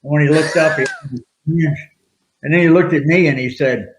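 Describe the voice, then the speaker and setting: A man's voice: fairly high pitch, fairly even intonation, moderate pace. Older man telling rambling wrestling stories. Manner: rambling, laughing anecdotes. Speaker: retired wrestler guest. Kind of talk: casual storytelling interview. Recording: roomy, dull lo-fi sound.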